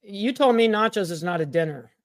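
Chatty West Coast radio co-host, dry close sound. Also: male voice, high-pitched, animated, a little fast, no echo. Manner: laid-back, chatty. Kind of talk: casual radio banter.

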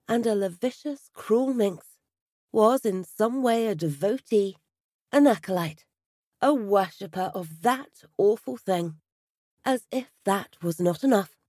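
Lively, wide-ranging female narrator for a storybook, recorded dry and close. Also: mid-range voice, no echo. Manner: expressive reading. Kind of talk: storybook reading.

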